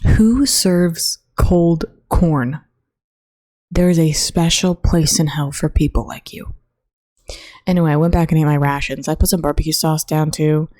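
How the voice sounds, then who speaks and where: A young college woman rambles through a solo podcast, full of fillers and the odd swear. Her voice sits low, with a mellow, warm tone, and sounds close and dry on her own mic in a dorm room. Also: level tone, fairly quick, no room sound. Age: young adult. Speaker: podcast host. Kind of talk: casual solo chat.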